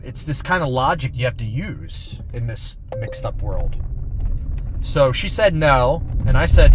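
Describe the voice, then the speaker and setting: A man's voice: medium pitch, expressive, normal speed, background noise. A man vlogging from inside a car, talking in a blunt, rambling, exasperated way. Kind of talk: casual monologue.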